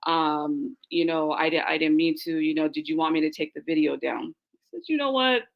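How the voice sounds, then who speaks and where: Young adult woman, podcast guest, slightly low voice, animated storyteller. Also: brisk, creaky, lo-fi sound. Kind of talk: casual podcast chat.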